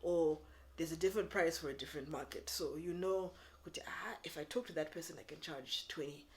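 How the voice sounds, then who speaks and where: A young woman giving business advice to camera, animated and sassy, acting out customers in quick voices. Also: low voice. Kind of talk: casual advice talk to camera.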